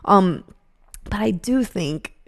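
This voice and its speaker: A woman in her twenties hosts a podcast, telling a personal story in a casual, animated way at a slow pace, laughing often and acting out what people said. Her voice is medium-pitched, and the recording is dry with clean studio sound.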